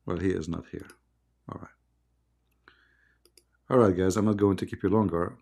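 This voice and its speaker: A man hosting a live debate stream while sick with the flu, his voice low and gravelly with creak. He needles callers in a sarcastic, mocking tone, using broken English grammar, over a stream mic. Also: fairly even intonation, normal speed, darkish tone. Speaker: debate host.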